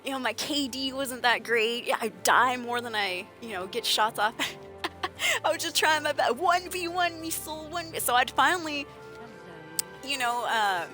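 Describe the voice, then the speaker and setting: A young woman streams a game and chats casually, bringing her stories to life by acting out the people she quotes. Her voice is bright and sits a little high. Faint game music plays underneath. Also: measured pace. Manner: animated storytelling, acts out the people she quotes. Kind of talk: casual livestream chat.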